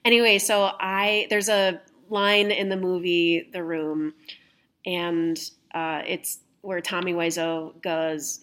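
A woman's voice: lowish voice, little pitch movement, slow pace, fairly bright tone. A young adult woman hosting a podcast, telling stories in casual chat, laughing often and swearing casually. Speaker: podcast host.

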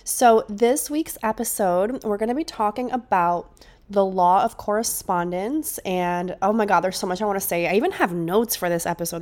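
A young woman hosting her own podcast, talking in a chatty, enthusiastic way while stuffy from a cold. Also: medium pitch. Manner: chatty and enthusiastic, with frequent restarts. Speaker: podcast host. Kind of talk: casual solo podcast monologue.

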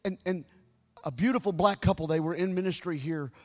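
A middle-aged man preaching a sermon as pastor, stammering into repeats and building to near-shouting fervor. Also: high-pitched, a little fast. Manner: repeats words when wound up, rises to near-shouting fervor. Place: large church. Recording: live sermon in reverberant hall with music.

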